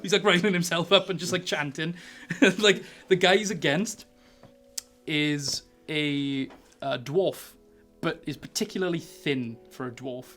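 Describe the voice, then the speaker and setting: GM narrating, bright voice, upbeat, keeps laughing mid-story. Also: male voice, on the high side, a little slow, faint music behind. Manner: animated, laughing often, many fillers. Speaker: game master. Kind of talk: narrating a tabletop game.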